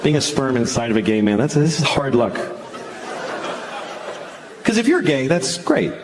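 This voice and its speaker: A man's voice: medium pitch, very animated, moderate pace, noisy background. A male stand-up comedian from Boston, talking in a dry, conversational, self-mocking way on a club stage. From Boston, USA. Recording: echoey club with crowd laughter.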